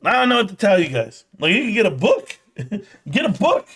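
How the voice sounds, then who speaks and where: A man's voice: high-pitched, expressive, a little fast, a bit bright. A middle-aged man hosting a casual live stream, brash and joking as he trash-talks, out of breath.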